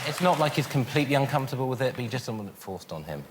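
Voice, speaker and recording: A man answering quiz questions in a slow, deadpan comic way. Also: mid-range voice, in a large hall, over a noisy crowd, very noisy. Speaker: panel show contestant. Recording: studio with loud audience.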